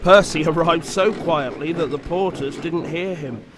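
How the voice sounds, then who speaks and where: A man narrating a children's storybook in a slow, expressive, measured way. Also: a little high, noisy background. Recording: music playing under the voice.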